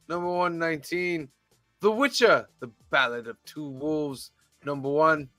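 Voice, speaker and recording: A man hosting a casual podcast, reading titles off a list in a measured, deadpan way with wry asides. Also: a little high, no echo, soft background music. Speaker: podcast host reading the weekly release list.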